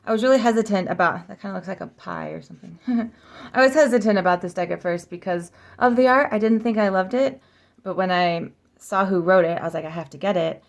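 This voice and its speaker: Woman, casual vlogger. Lowish, gravelly voice, chatty, repeats words carefully to get the sound right. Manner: chatty, practicing name pronunciations slowly and repeatedly. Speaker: oracle deck reviewer. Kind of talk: casual flip-through vlog.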